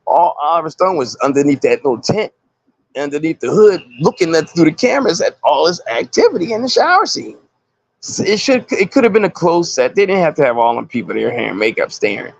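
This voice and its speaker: A man and actor, a guest in an interview, telling animated stories and acting out the voices of people he quotes. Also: fairly high pitch, brisk, vocal fry, no room sound, muffled recording. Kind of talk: casual interview storytelling.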